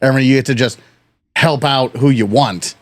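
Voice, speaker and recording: A man's voice: mid-range voice, moderate pace, dry recording. Casual man co-hosting a history podcast. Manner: swears casually, reads notes aloud in stretches. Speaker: podcast co-host.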